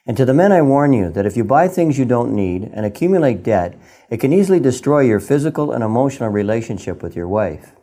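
A man's voice: medium pitch, very animated, fast, warm tone. A man reading a scripted radio spot, earnest and a little preachy. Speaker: radio guest giving financial advice.

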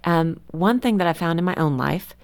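Woman, middle-aged, lowish voice, gravelly fry, candid, storytelling guest. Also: expressive, normal speed, a little mellow. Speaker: guest, parenting author. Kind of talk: conversational radio interview.

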